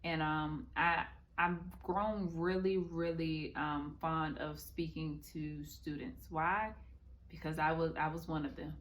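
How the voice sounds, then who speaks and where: A woman's voice: sits low, little pitch movement, takes it slowly, a bit bright, slight background noise. A young adult woman, a guest author, chatting casually in an interview, upbeat with frequent ums and restarts.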